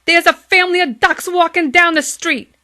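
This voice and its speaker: A woman voicing an excited male police officer on traffic duty who urgently shouts for help. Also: very high-pitched, normal speed, voice pushed up, full character voice.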